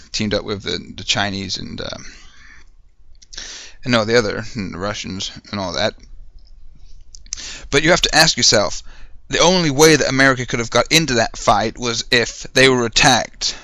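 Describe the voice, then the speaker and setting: A man's voice: mid-range voice, sharp tone, dry recording. A man hosting a podcast, ranting heatedly in a solo monologue, swearing and firing off rhetorical questions. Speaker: podcast host.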